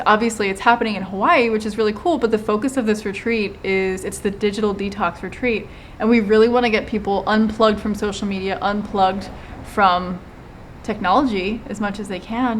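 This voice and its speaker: A chatty woman talks casually about a retreat she hosts. She is animated and mid-pitched, and slips into playful voices when she imitates others. A faint noise sits behind her voice. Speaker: retreat host and channel co-host. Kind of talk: casual chat. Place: lives in Hawaii.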